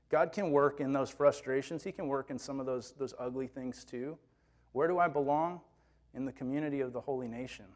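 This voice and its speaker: A man who works with teens, preaching a sermon as a personal story in a conversational, self-quoting way. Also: medium pitch. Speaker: youth minister preaching.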